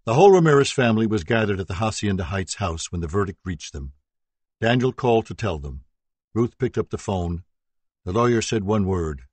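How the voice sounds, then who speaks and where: A man narrates a true-crime audiobook in a steady, sober reading voice. His tone is low and husky, and the recording is dry and close. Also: moderate pace, no echo.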